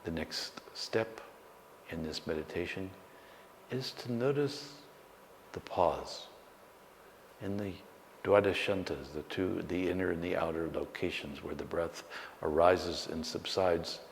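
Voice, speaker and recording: A man, a meditation teacher, guiding a slow, calm meditation with long pauses. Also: low voice, gravelly. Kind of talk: guided meditation. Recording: long hall reverb, faint background noise.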